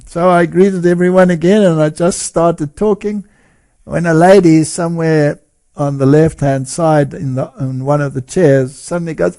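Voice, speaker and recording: A man recounts a story in an interview, unhurried and slow, his voice sitting a little high. He tells it in an animated way and chuckles often. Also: gravelly. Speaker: guest speaker and lecturer.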